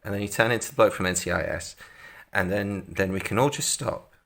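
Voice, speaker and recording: Deep, gravelly man coaxing. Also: fairly quick, hardly any pauses, a bit bright. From Britain. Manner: coaxing, pleading, mock-exasperated. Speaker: livestream co-host. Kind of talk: casual comic chat.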